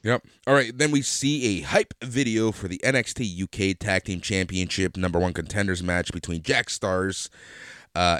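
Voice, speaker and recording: A man's voice: deep voice, a bit bright, clear, resonant tone, dry recording, studio quality. A man co-hosting a podcast, chatting casually and expressively about a wrestling show, swearing and laughing a lot. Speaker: podcast co-host. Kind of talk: casual wrestling recap chat.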